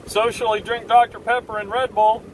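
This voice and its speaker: A man's voice: high-pitched, little pitch movement, normal speed, slight background noise. A man hosting a live stream, talking casually to his chat in assertive, fired-up rants. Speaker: livestream host.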